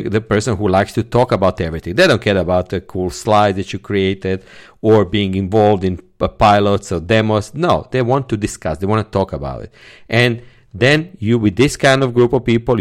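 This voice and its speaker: A man hosting a solo podcast, teaching sales techniques and stressing key words in his examples. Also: on the low side. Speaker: podcast host, sales trainer.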